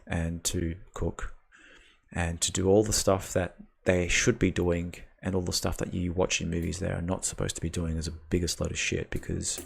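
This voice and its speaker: A man's voice: sits low, little pitch movement, moderate pace, gravelly, husky. A man hosting a live dating call-in stream, talking in a rambling way with restarts and emphatic bursts. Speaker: host of dating call-in show. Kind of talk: casual live-stream chat.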